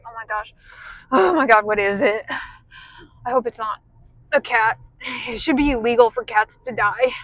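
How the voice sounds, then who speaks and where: A woman's voice: a little high, sharp tone, dry recording, low-quality recording. A young woman vlogging, rambling in a self-deprecating way about her fears and moods, dropping "dude" and "like" all the time. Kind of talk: casual rambling monologue.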